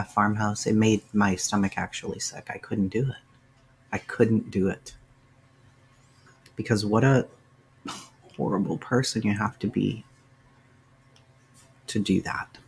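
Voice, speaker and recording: A man's voice: on the low side, normal speed, gravelly, long pauses, a little mellow, slight background noise. A man hosting a casual livestream, answering viewers' chat by name and sounding emotional and sighing as he talks. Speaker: livestream host.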